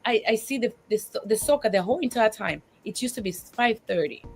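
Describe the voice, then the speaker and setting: On a faith talk show, a woman guest describes life as a single mother, animated and tearful and often starting her sentences over. Her husky voice is on the high side and brisk, with faint music playing behind her.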